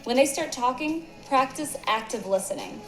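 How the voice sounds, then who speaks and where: A woman with a slightly high voice narrates a corporate sales training video in a polished, upbeat, instructional tone. The recording is roomy and echoey, with faint music underneath. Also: lively intonation, moderate pace.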